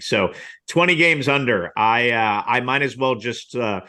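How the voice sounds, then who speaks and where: A man's voice: medium pitch, normal speed, bright, forceful tone. A man co-hosting a sports podcast, rambling and poking fun at himself with lots of fillers. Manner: rambling, self-deprecating, many fillers. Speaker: podcast co-host. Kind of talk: casual sports podcast chat.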